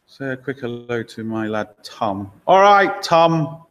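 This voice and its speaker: A man's voice: medium pitch, lively intonation, measured pace, dull audio. A man, a garage owner chatting casually on a live stream, answering viewer questions with easygoing, blunt opinions and frequent laughs. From Lincoln, England.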